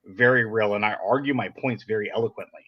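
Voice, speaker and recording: A man's voice: fairly low pitch, quick pace, husky. A man hosting a casual podcast chat, talking in a blunt, direct, sarcastic way. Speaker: podcast host. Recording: dull lo-fi sound.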